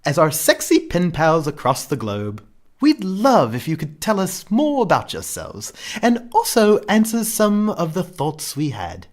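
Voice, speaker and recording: Man doing a prim British letter-writer, put-on Southern British accent, high and lilting, over-the-top, comic podcast read. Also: a bit bright, heavily acted. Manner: playful, over-the-top impression.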